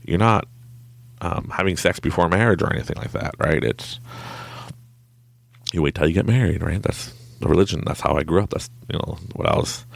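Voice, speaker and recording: A young adult man hosting a podcast, telling a personal story in casual chat, animated and laughing often as he acts out what people said. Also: low-pitched, brisk, creaky, dry recording. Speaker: podcast host.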